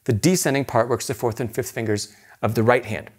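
A man's voice: mid-range voice, steady tone, fairly quick, breathy edge. A man teaching an intermediate piano lesson, explaining patiently and encouragingly, often checking in with rhetorical questions.

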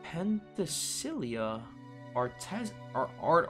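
A man's voice: medium pitch, lively intonation, fairly quick, fairly bright tone, faint music behind. Young New man, casual gameplay commentary, loose and profane, reads text aloud. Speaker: streamer.

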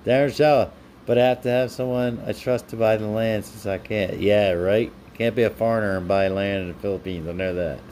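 Fairly low and steady, a little mellow, this man's voice moves fairly quickly as he reads comments from his live-stream viewers and ribs them in casual, playful banter. Slight background noise can be heard.

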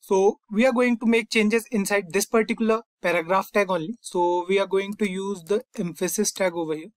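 A young man hosting a coding tutorial, calmly walking through each step and often saying "fine" and "over here". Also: sits high, brisk, no room sound. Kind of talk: screen-recorded coding lesson.

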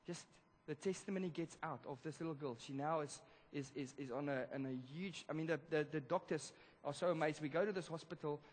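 A male pastor telling a story in a sermon, animated, swinging between loud emphasis and hushed moments. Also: a little high, a little fast, few pauses, husky. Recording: long church hall reverb.

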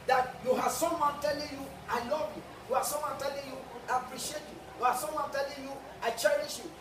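Nigerian man preaching in an echoey church hall. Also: very high-pitched. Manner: preaching with call-and-response questions to the congregation. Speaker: pastor. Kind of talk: sermon. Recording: echoey church hall, mic at a distance, faint hiss.

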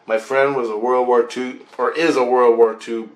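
A man's voice: mid-range voice, fairly even intonation, normal speed. A man telling a long story in a casual monologue, rambling and swearing freely, often laughing as he talks. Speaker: channel host telling a story. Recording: roomy echo.

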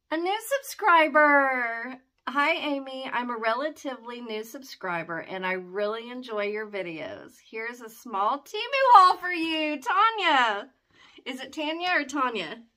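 Gushing woman, very animated pitch. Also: a little slow. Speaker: vlogger opening fan mail. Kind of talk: excited unboxing chat.

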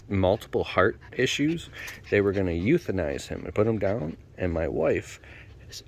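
Guy goofing around with his pups, whispering then yelling, lively pitch, bit of faint noise. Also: creaky. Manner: swings between hushed whispers and excited high shouts; talks to his dogs in baby talk. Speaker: dog owner filming his pets. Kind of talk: casual chat. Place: home basement.

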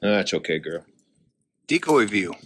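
A man vlogging outdoors on a hunting trip, chatting casually and coaxing his dog along in a fond, high, sing-song voice. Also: sing-song, moderate pace, slightly rough. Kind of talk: casual outdoor vlog narration. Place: outdoors by a river in the wind.

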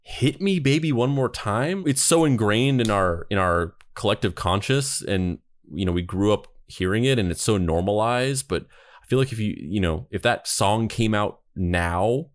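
Low-voiced man in rambling chat. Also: lively intonation, normal speed, no echo, clean studio sound. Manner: rambling, full of fillers and restarts. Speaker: podcast co-host. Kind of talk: casual chat.

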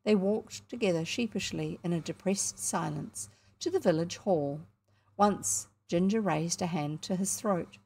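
A woman with a New Zealand accent narrating a children's book in a measured, expressive way. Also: lowish voice, vocal fry, slightly rough. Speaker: audiobook narrator. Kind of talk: storybook narration.

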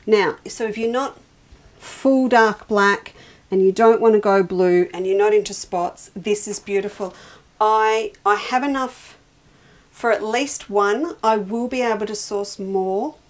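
A woman's voice: mid-range voice, unhurried. A middle-aged woman hosting a casual quilt shop show, talking enthusiastically about fabrics and often breaking off mid-sentence. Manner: chatty, enthusiastic, self-interrupting. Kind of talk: casual product show-and-tell.

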